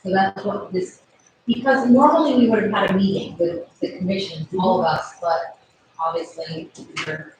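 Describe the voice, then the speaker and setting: A woman on a town planning commission talking through a survey in a halting way, with many fillers and restarts. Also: medium pitch, darkish tone. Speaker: planning and zoning commission member. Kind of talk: casual meeting discussion. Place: town meeting room. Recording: very echoey room, distant mic, faint noise.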